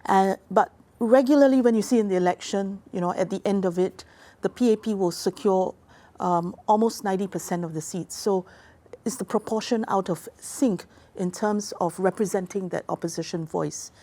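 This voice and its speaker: A woman, an expert guest explaining policy in a deliberate, formal and precise way. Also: mid-range voice, dark tone. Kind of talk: explanatory interview talk.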